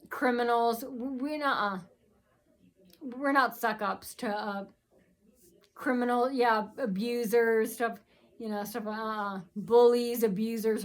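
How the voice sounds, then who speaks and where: A woman's voice: fairly high pitch, a bit bright. A woman vlogging, rambling and repetitive as she complains. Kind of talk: rambling personal vlog.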